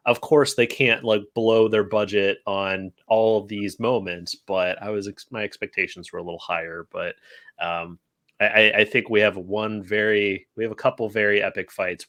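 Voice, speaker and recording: A man with a low, fairly bright voice hosts a casual podcast chat. He rambles along, full of fillers and restarts.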